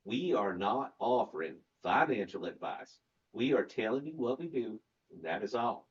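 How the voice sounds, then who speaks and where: A man's voice: lowish voice, big pitch swings, normal speed, highs cut off. A man hosting a casual crypto podcast, loose and jokey, rambling with lots of restarts. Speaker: podcast host.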